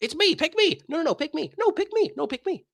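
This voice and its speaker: A man mimicking a crowd of clergymen who each beg to be chosen, in a high pleading voice. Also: sing-song, quick pace, creaky, dry recording, clean studio sound, full character voice. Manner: high, pleading, overlapping cries. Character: squabbling clergymen begging to be picked.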